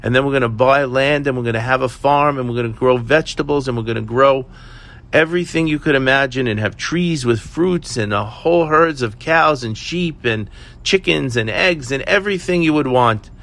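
A man voicing a poor village mother who gently corrects her children and lays out big plans. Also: medium pitch, normal speed, pitched above the performer's own voice, close to an everyday voice. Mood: planning. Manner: firm, soothing, then piling up plans. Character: poor village mother, patient, hopeful, scheming dreamer.

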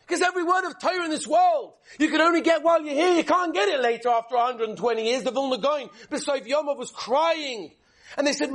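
A man, a rabbi, delivering a sermon and telling stories in an animated, emphatic way. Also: very high-pitched, quick pace. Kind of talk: sermon with storytelling.

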